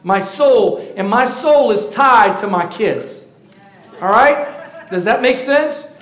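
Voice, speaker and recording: A man's voice: high-pitched, animated, slow pace, a bit bright. A middle-aged man preaching a sermon as pastor, talking conversationally and calling out to his congregation. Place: church sanctuary. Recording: roomy echoey hall.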